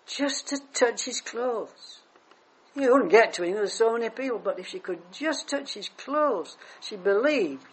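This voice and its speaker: A preacher with a husky, breathy edge to the voice, pitched in the middle. The sermon is delivered as dramatic storytelling, swinging between loud emphasis and quiet, hushed asides. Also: poor audio.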